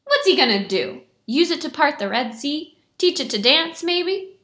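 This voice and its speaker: A sharp-tongued townswoman from a storybook, sarcastic and quick to refuse, voiced by a woman reading aloud. Her voice is high, bright and swings widely. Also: sing-song, full character voice.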